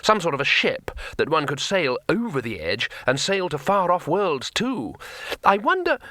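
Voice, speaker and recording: A man's voice: fairly high pitch, big pitch swings, normal speed, sharp tone, no room sound, voice pushed up. A man doing an eager, wide-eyed little tourist. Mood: wondering. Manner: wide-eyed, breathless, wondering.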